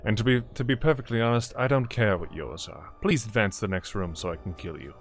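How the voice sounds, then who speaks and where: A game master voicing an unseen, murderous man who speaks slowly and quietly with menace. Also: faint music behind, close to an everyday voice. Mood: cold dismissive. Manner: slow, low, quiet menacing delivery.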